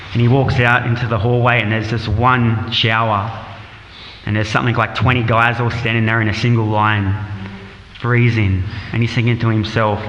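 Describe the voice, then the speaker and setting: Aussie guy telling a story in temple class, acts out the quotes, muffled boomy hall. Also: a bit bright, a little hiss or hum. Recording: dull echoey temple hall.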